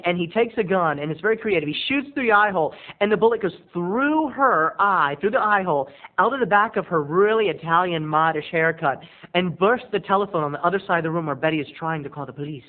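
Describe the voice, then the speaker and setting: High voiced guy doing a campy movie review vlog, lots of drama, tinny phone-like audio. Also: fast talker. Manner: animated, campy storyteller. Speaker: video blogger. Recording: tinny lo-fi recording.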